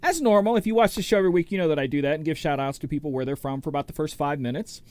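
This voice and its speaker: A man's voice: fairly high pitch, rapid-fire, darkish tone, dry recording. Chatty DJ host, a man with a dry, close sound. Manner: rambling, chatty, greets viewers by name. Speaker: DJ and show host. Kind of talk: casual livestream chat.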